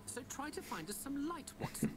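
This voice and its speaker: An actor voicing a brisk, self-assured male detective in a video game, commanding and theatrical. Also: extremely high pitch, very animated, soft background music.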